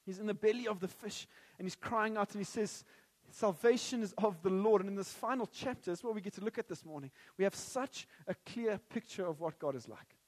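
A man's voice: sits high, fairly quick, hardly any pauses, big-room sound. A man preaching a sermon, joking at first and then earnest and prayerful.

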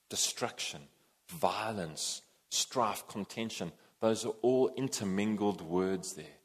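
A man preaching a sermon, animated and emphatic, swinging between loud and soft. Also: low-pitched, moderate pace, husky. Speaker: pastor.

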